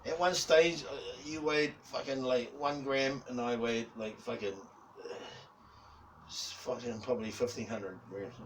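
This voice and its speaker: A man's voice: medium pitch, fairly even intonation, unhurried. A man in his forties who rambles and swears heavily in a casual rant as a YouTuber, often breaking into laughs. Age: 40s. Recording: distant mic with faint background noise.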